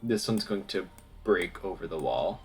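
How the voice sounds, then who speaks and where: A man narrating a tabletop game as dungeon master, relaxed and hesitant with fillers. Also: low-pitched, a little slow, soft background music.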